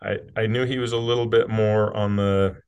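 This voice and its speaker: A middle-aged man with a fairly low voice speaks as a guest in a candid podcast interview. He grew up in rural Utah and now runs a company. His delivery is blunt and conversational, with the occasional curse slipped in. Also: level tone, normal speed, darkish tone, clear, resonant tone. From rural Utah, USA. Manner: blunt, casual, peppered with swearing.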